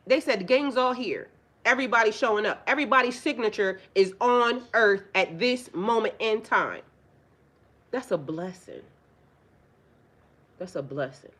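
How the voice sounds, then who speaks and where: Her voice is mid-range and a touch bright. Speaking casually to viewers on a livestream, this spiritual life coach gets profane and preachy, asking rhetorical question after rhetorical question and repeating phrases to drive them home.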